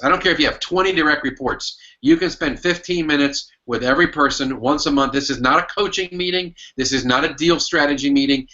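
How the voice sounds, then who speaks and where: Bright-voiced man explaining sales management. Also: medium pitch, dull audio. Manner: emphatic storytelling, acts out his old manager's lines. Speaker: sales consultant and author, guest. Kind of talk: podcast interview answer.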